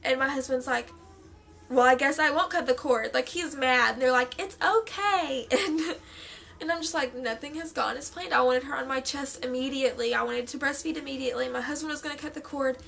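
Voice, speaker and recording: A young adult woman casually telling her own story to camera, talking quickly with many fillers and acting out what others said. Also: high voice, gravelly. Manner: animated, quick, many fillers, acts out quoted voices.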